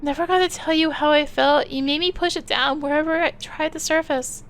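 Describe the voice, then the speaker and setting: A woman's voice: high-pitched, steady tone, fairly quick, fairly bright tone. A woman voicing a hurt, bitter teenage girl who talks in a tearful, cutting way. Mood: heartbroken.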